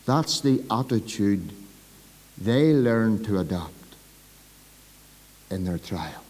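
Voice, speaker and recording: A Northern Irish pastor preaching a sermon in a church, swinging from loud, emphatic calls to soft, low asides. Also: male voice, lively intonation, slow pace, big-room sound, poor audio.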